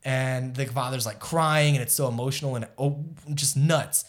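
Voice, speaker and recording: A man's voice: mid-range voice, fairly even intonation, moderate pace. A man co-hosting an anime podcast, retelling episodes in casual chat with many fillers and asides. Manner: rambling, lots of fillers and asides, distracted by live chat. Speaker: podcast co-host.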